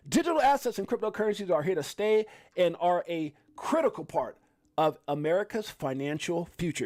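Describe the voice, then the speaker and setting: A man from Brooklyn hosting a casual crypto livestream, excitable and full of fillers. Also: a little high. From Brooklyn, New York. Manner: excitable, laughing, lots of fillers.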